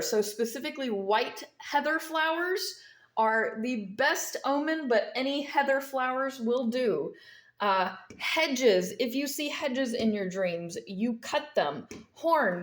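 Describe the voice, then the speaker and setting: A woman talking straight to camera, explaining things emphatically and repeating her key points, with a mint in her mouth. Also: fairly high pitch. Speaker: vlogger explaining dream omens. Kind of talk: casual instructional monologue. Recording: echoey room.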